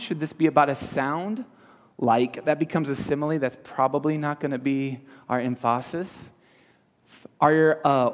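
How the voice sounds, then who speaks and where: A man leading a youth group as their pastor, teaching interactively and firing question after question at the audience. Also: fairly high pitch. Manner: asks the audience many quick questions. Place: large hall with an audience. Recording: reverberant hall.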